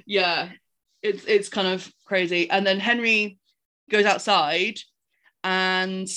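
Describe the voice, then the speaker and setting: Brief: woman, podcast co-host, animated rambling film recap, mid pitch. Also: takes it slowly. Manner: animated, rambling retelling with many fillers. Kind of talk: casual chat recapping a film.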